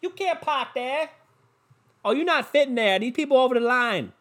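A man putting on an excited Boston man from a car commercial, with a Boston accent and drawn-out taunting exclamations. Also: very high voice, pitched above the performer's own voice.

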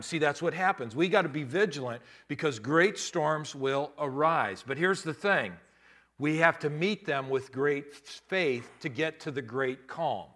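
Bright-voiced male pastor preaching. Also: on the high side, lively intonation, a little slow. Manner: swings between loud preaching and quieter explaining; laughs often. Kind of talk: sermon.

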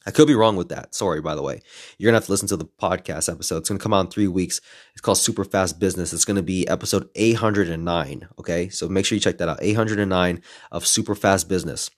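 Guy in his twenties, lowish voice, podcast host chatting loosely through a story, throws in some cussing. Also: fast. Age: 20s. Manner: lively retelling with playful swearing. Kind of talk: casual storytelling monologue.

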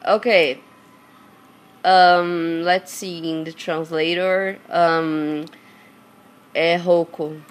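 A hoarse woman with a Brazilian Portuguese accent, a native Portuguese speaker, chatting casually to her viewers and searching for words in English. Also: on the low side, fairly even intonation, extremely slow, pauses often. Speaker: vlogger.

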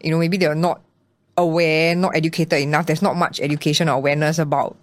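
A young Singaporean woman speaking in a fairly low voice. She tells her own story openly as a podcast guest, with a Singaporean accent. Her delivery is lively, and she acts out her own thoughts in quotes. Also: fast. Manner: animated storytelling with acted-out quotes. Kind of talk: candid personal interview.

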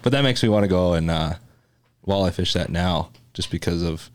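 A man with a very low voice co-hosts a podcast in relaxed, chatty talk. He restarts his sentences often. The sound is dry and close. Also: moderate pace, no room sound. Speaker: podcast co-host. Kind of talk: casual chat.

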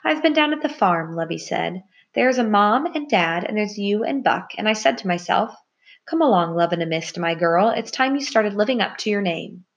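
A woman voicing a small, bold young female mouse who talks in a bossy, cheerful, high chirpy way. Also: lively intonation, normal speed, gravelly, dull audio.

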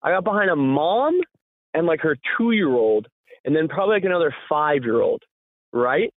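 High-voiced man on a tinny line. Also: normal speed, dry recording. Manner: animated, laughs often, swears freely. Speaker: podcast co-host. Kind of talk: casual chat, storytelling. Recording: tinny phone-like sound, dry.

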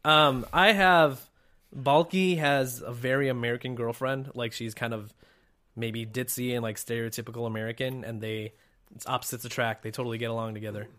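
Relaxed, joking male podcast co-host. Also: medium pitch, brisk. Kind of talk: casual chat.

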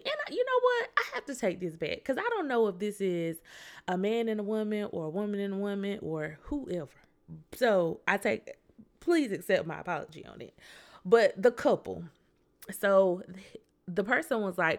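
Woman podcast host, low-pitched, chatty storyteller who laughs easily. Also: lively intonation, moderate pace. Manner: chatty, laughs often, reads quoted texts aloud. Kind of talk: casual chat reading a story aloud.

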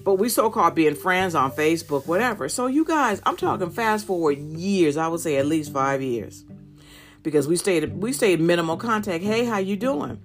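A woman's voice: lowish voice, moderate pace, soft background music. Candid woman podcaster giving dating advice. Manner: candid, animated, addresses listeners directly. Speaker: podcast host. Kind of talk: personal storytelling and dating advice.

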